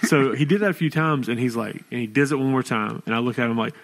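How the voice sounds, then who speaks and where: Man, young adult, podcast chat, animated storytelling, mid pitch. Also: quick pace, vocal fry. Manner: animated storytelling, acting out his son. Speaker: podcast co-host. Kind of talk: casual chat.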